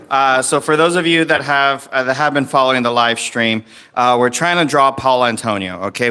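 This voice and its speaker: A man's voice: fairly high pitch, bright, forceful tone. A man hosting a live comedy show and livestream, rambling with lots of ums and uhs. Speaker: show host and emcee. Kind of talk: livestream emcee chat. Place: comedy club stage.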